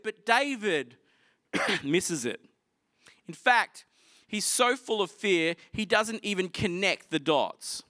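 A man preaching a sermon, retelling scripture in a casual, animated storytelling way. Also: sits high, slow, long pauses, no room sound, clean studio sound.

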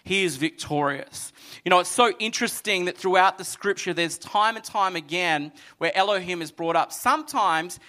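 A man preaching a sermon to a congregation, retelling a scripture story with animated storytelling and acting out the characters. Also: sits high, moderate pace. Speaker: pastor. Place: church hall with congregation.

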